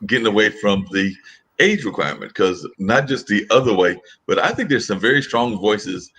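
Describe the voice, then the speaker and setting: Deep-voiced man, thoughtful. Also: expressive, normal speed, bright, forceful tone, breathy edge. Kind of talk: casual political chat.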